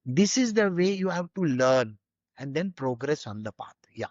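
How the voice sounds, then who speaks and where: A woman's voice: low voice, very animated, moderate pace, a little mellow, dry recording. A woman, a spiritual teacher explaining her teaching earnestly in a conversation. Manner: earnest, explanatory, with Sanskrit terms and frequent "you know". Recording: dry, slightly dull sound.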